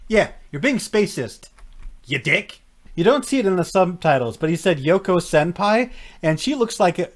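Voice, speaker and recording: A man giving casual reaction commentary on a show, jokey and animated, laughing often and mock-scolding the characters. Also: on the high side. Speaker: anime and tokusatsu reaction reviewer.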